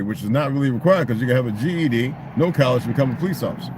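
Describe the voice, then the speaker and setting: A middle-aged man in a casual, profane rant, swinging into loud, mocking quotes of other people. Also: medium pitch, lively intonation, fast, noisy background. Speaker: vlogger.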